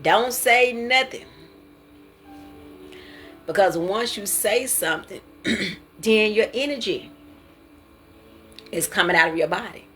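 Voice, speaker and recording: A woman's voice: mid-range voice, pushed and bright. Earnest woman preaching informally. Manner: earnest, repetitive, testifying. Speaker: devotional speaker.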